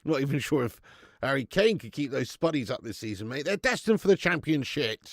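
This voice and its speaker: A man's voice: mid-range voice, expressive, brisk, no echo, studio quality. A man hosting a live football watch-along, swearing and laughing as he bants with viewers in the chat.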